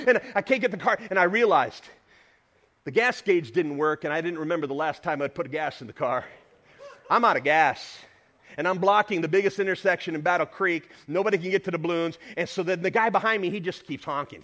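High, bright-voiced animated man preaching. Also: brisk. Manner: animated storyteller, acts out shouts and honks. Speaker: pastor. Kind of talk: sermon with storytelling.

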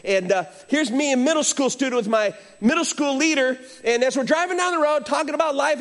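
A man's voice: very high-pitched, a little fast, few pauses. A middle-aged male pastor preaching a sermon, telling stories and acting out voices. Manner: animated storytelling preacher, acts out voices.

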